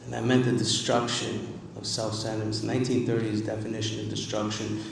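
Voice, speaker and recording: A man's voice: lowish voice, completely flat delivery, a little fast, gravelly, a little hiss or hum. Man testifying in an echoey hall. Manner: emphatic, conversational, repeats words for emphasis. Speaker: speaker at a recovery meeting. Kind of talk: personal testimony speech. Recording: echoey hall, distant mic, faint ambience.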